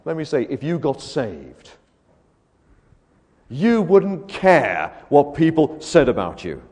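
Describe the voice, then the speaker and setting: A man preaching an evangelistic sermon, firing rhetorical questions and swinging between hushed and loud delivery. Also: a little high, sing-song, slow. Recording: echoey hall.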